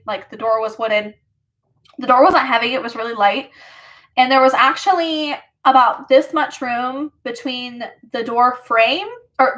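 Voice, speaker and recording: Woman chatting on her vlog, kinda high voice, rambly storytime, says like a lot. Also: fairly bright tone. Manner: rambling, filler-heavy retelling with lots of "like". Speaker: vlogger. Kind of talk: casual storytime chat.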